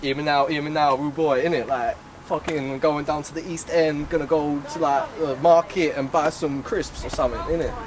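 A man's voice: on the high side, fairly even intonation, normal speed, hardly any pauses, crowd noise, natural voice. A man putting on a crude fake Cockney accent to play a swaggering tough guy in a home comedy sketch. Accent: put-on Cockney.

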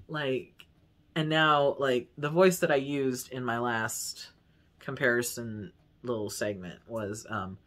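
A man's voice: medium pitch, fairly even intonation, slow, fairly bright tone. Candid, rambling man vlogging casually. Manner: candid, swears freely, rambles with many likes; laughs easily at himself. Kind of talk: casual vlog talk to camera.

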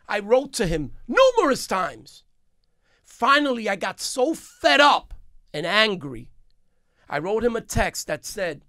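This man sits high in pitch, his voice swooping wildly as he speaks slowly. He owns a business and is giving a passionate, emphatic radio interview on a studio mic in a studio with no echo, getting more heated and forceful as he goes.

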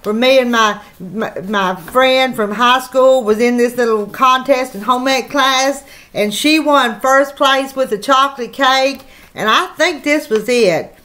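A woman's voice: high voice, unhurried, sharp tone. Chatty Southern country woman. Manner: chatty, folksy, talks straight to viewers. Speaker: channel host. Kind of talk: casual mail-opening vlog.

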